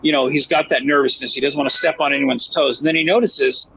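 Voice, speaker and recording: Animated bright-voiced man reviewing a film. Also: mid-range voice, fast talker, vocal fry, muffled recording, a little hiss or hum. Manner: animated, acts out characters' lines in a raised voice. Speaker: podcast co-host. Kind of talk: casual review chat.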